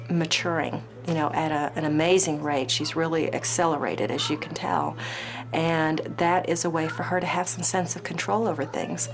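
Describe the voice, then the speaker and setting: A woman counselor speaks steadily in an interview. Her voice sits low and stays level, and she weighs her words with frequent pauses. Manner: measured, clinical, with many fillers.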